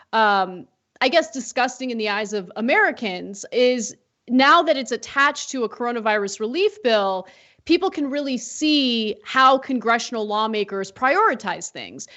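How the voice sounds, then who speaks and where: A woman with a fairly high voice co-hosts political news commentary. She explains in a measured way, with many fillers. The recording sounds dull and lo-fi. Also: fairly bright tone.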